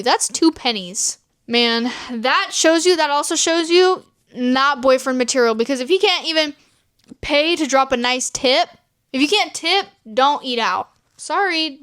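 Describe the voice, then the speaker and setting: A woman's voice: sits high, fairly bright tone, dry recording, clean studio sound. A woman vlogger reading viewer dating stories aloud and reacting, swearing freely and laughing often. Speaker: storytime vlogger.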